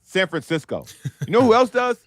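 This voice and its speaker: A man argues on a sports talk podcast with a lively, swooping voice that climbs when he gets excited. He fires off rhetorical questions and answers them himself, recorded close and dry. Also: sits high, a little fast, no room sound. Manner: animated, rhetorical questions, hype. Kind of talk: casual sports debate.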